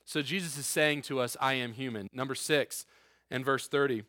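A man's voice: mid-range voice, normal speed, bright, forceful tone, no echo. A male pastor delivers an earnest, conversational sermon. He mixes emphatic points with casual asides. His voice sits mid-range and sounds close and dry.

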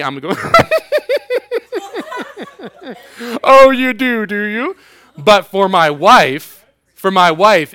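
A man's voice: on the high side, sharp tone, no room sound. A young man preaching a sermon in a casual, joking way, acting out quotes and using sarcasm. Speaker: youth pastor.

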